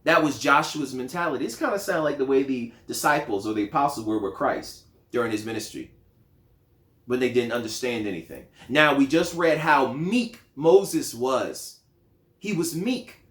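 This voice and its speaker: A man teaching a Bible lesson in a sermon style, animated, acting out quotes in lively voices. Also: mid-range voice, normal speed. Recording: echoey room.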